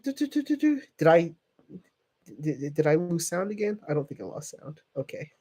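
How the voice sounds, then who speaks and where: Hosting a laid-back livestream, this young man speaks at a moderate pace in a slightly high, sing-song voice that is a little mellow with a breathy edge. He goes through viewer comments, joking and rambling as he wanders off on tangents.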